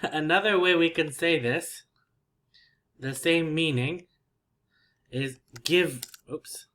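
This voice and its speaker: Slow, patient male English teacher. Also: a little high. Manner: patient, repeats words slowly, soft laughs. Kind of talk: slow, simple language lesson.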